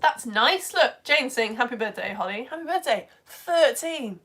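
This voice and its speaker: A woman hosting a live stream lesson, chatty and excitable, reading out viewer comments and laughing often. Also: high-pitched, unhurried, slightly rough. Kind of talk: casual live-stream chat.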